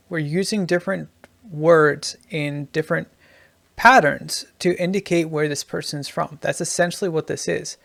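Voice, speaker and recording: A man's voice: fairly high pitch, steady tone, normal speed, vocal fry, a bit bright, no room sound. A man teaching writing techniques in a loose, explanatory way, with restarts as he goes. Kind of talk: writing tutorial.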